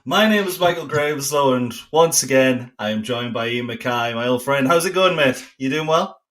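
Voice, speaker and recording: A man's voice: mid-range voice, expressive, moderate pace, fairly bright tone. Guy hosting a footy podcast, chatty, upbeat, laughs a lot, normal mid voice. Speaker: podcast host. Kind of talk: casual football podcast chat.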